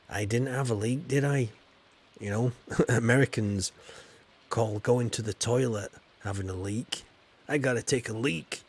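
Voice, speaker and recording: A man's voice: medium pitch, slight background noise. A man from England, chatting casually while streaming a game. He rambles in a chatty, playful way. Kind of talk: casual live gameplay chat.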